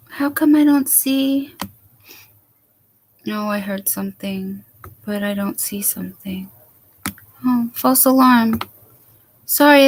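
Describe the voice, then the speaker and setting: Chatty woman hosting a slow livestream. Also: on the high side. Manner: chatty, rambling, talks to viewers by name. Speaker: livestream host. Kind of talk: casual late-night livestream chat.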